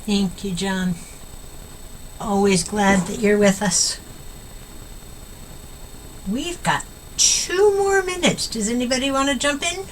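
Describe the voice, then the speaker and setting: A woman's voice: a little high, takes it slowly, pauses often, a little hiss or hum, poor audio. A woman chairing a support meeting, thanking a speaker and inviting others to share.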